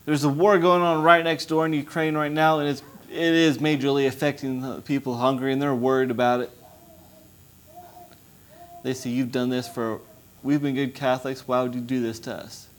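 A young adult man, a missionary preacher, giving an impassioned testimony sermon that rises to loud pleading. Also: mid-range voice, little pitch movement, moderate pace.

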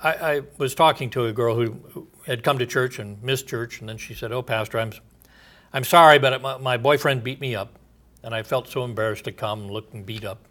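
A man's voice: mid-range voice, fairly quick, bright, forceful tone. A man preaching a sermon as a pastor, reading scripture aloud and asking emphatic rhetorical questions.

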